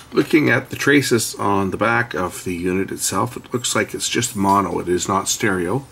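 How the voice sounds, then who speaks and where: A middle-aged man casually demonstrating an electronics board, relaxed and explanatory with frequent pauses and fillers. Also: fairly low pitch, vocal fry, slight background noise. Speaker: electronics hobbyist channel host. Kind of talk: casual hands-on product demo.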